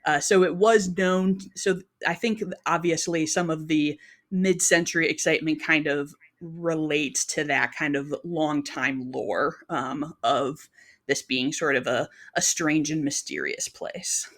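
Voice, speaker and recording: A woman's voice: low-pitched, a little slow. A woman co-hosting a podcast, talking through her research in a loose, chatty way with many "um"s and "like"s and frequent laughter. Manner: chatty, lots of "um" and "like", laughs often; tells the research. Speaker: podcast co-host. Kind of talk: casual chat.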